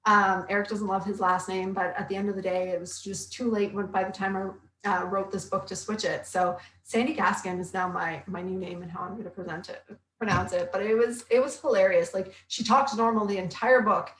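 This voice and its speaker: A chatty, upbeat woman of middle pitch talks through a casual live stream, reading out viewer comments with quick asides. She sounds like a health coach and author. Her voice rings with a roomy echo. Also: steady tone, a bit bright.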